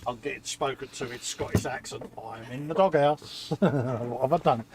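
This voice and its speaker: A British man co-hosting a live model-making stream, chatting easily and joking at his own expense. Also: mid-range voice. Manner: easygoing, self-mocking, quick to agree. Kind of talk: casual chat while working on models.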